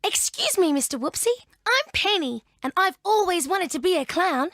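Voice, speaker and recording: A woman voicing an excited, playful young girl who loves clowning, in a children's storybook. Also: very high-pitched, moderate pace, no room sound, studio quality, exaggerated voice. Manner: excited, eager.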